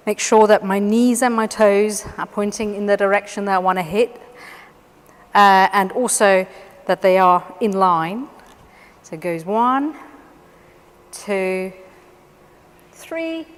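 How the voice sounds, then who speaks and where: Woman, dance teacher, calm step-by-step instruction, counts beats aloud, long room reverb. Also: medium pitch. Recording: distant voice in a long-reverb room with faint background noise.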